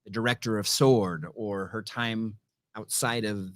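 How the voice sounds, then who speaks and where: A man co-hosting a casual chat show, animated and playfully critical. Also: fairly low pitch, a little slow. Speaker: podcast co-host.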